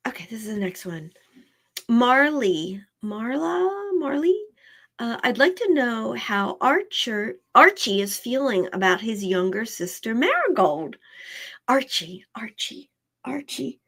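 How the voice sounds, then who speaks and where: A woman's voice: on the high side, very animated, slow pace, fairly bright tone. A woman working as an animal communicator, giving live readings in a chatty way, often repeating herself and laughing.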